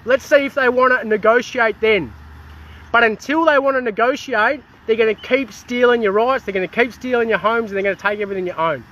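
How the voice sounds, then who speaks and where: A man's voice: very high-pitched, fairly quick, fairly bright tone, dull audio. An Australian man in a casual activist rant, heated and swearing, with many restarts, recorded outdoors in a town.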